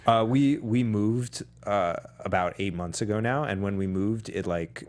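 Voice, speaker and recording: A man co-hosting a movie podcast, telling stories in a relaxed way with dry quips. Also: lowish voice, unhurried, a little hiss or hum. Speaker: podcast co-host. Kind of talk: casual movie chat.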